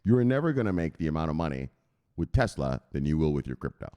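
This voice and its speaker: Blunt, animated man hosting crypto talk. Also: a bass voice, fast talker, clean tone. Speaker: crypto news host. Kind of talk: casual vlog commentary.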